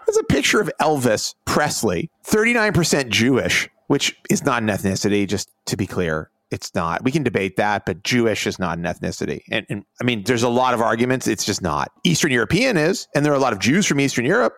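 A man's voice: mid-range voice, very animated, brisk, few pauses, fairly bright tone, no echo. A man co-hosting a casual podcast chat, rambling and sarcastic, dropping mocking impressions into his talk. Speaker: editor and co-host.

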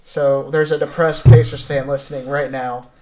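A man hosting a casual sports podcast, keeping time and briskly moving the show along. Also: medium pitch, level tone, noisy background. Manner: brisk, directing the segments.

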